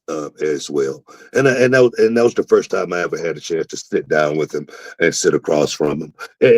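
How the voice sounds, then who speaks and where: A man hosting a talk show, telling a story in a casual, animated way and acting out the quotes with sudden jumps in pitch. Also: no room sound, poor audio. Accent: Southern US. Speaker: podcast host, former wrestler.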